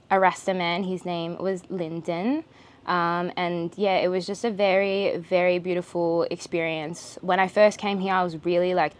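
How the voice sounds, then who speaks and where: A young woman from Australia telling her story in a casual vlog while she eats, rambling with many fillers and restarts, sometimes talking with her mouth full. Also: on the low side. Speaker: vlogger. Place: outdoor eatery.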